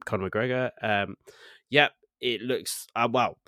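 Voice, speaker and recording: A man's voice: mid-range voice, fairly even intonation, unhurried, dry recording. Easygoing man with a dry voice. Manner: easygoing, reads film news out loud. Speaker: podcast co-host. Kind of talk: casual chat.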